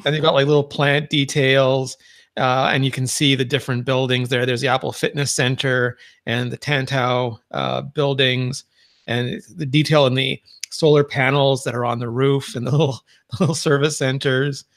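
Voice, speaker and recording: Gravelly Canadian man chatting tech. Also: medium pitch, little pitch movement, normal speed, a bit bright. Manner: chatty, enthusiastic describing details. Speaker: podcast co-host. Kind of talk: casual tech podcast chat.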